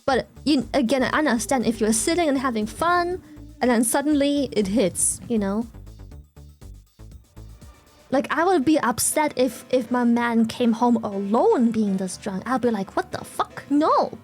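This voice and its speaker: A high-pitched young woman talks casually to her live-stream audience. She rants with lively emphasis, swears freely and keeps answering chat. Soft music plays faintly underneath. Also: a little slow. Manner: animated ranting, swears freely, reacts to chat.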